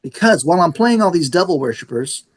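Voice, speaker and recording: His husky voice is on the high side and he talks fast. A middle-aged radio station manager from the San Antonio area of Texas, he tells stories in a relaxed interview, animatedly acting out every line of dialogue.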